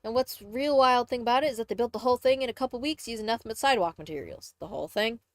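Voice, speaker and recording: A woman's voice: a little high, rapid-fire, dry recording. A young woman from Texas with a mixed Southern and Midwestern accent, chatting casually on a live stream, rambling and correcting herself as she goes. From Texas, USA. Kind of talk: casual live-stream chat, reading aloud.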